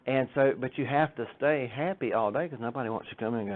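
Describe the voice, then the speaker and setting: Here a fast-talking man of medium pitch gives a relaxed church talk, joking around and voicing the characters in his anecdotes. Audio quality is thin and phone-like.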